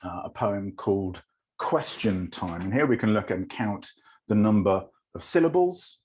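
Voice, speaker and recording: A man's voice: lowish voice, animated, unhurried, darkish tone, slight background noise. A man teaching an informal online lesson on poetry, talking loosely with lots of fillers and asides. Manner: rambling, with many fillers.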